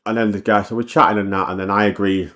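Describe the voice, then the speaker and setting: In a lowish, steady and fairly bright voice, a man rambles through a personal story, swearing and restarting and repeating himself. He talks fast and knows it, in a casual storytime monologue.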